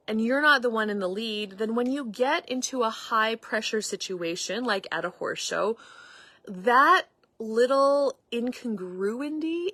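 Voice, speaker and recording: A woman's voice: a little high, bright, forceful tone, no echo. Chatty middle-aged woman, dry close sound. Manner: chatty, meandering, acts out quoted dialogue. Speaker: podcast host and facilitator. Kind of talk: casual storytelling monologue.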